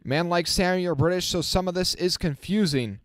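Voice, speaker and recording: A man giving casual live-stream race commentary as the channel host, chatting with his viewers and getting excited on the restarts. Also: high-pitched, normal speed, no echo. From not from the South. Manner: self-correcting, talks to the chat.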